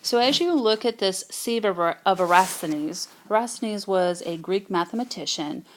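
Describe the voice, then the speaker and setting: A woman's voice: mid-range voice, expressive, moderate pace, a little hiss or hum. A woman teaching a math lesson in a casual, explanatory way, thinking aloud with fillers as she works on a whiteboard app. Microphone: tablet microphone.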